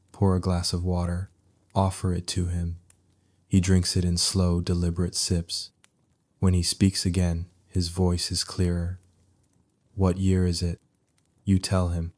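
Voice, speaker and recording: A man narrating a soothing sleep story in a very deep, hushed voice. He speaks slowly, with barely any lift in pitch. His delivery stays soft and even.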